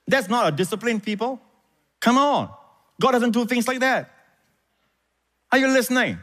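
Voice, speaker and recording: Male pastor, emphatic call-and-response preaching, lively delivery, echoing hall. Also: sits high, a little fast. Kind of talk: sermon. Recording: reverberant hall.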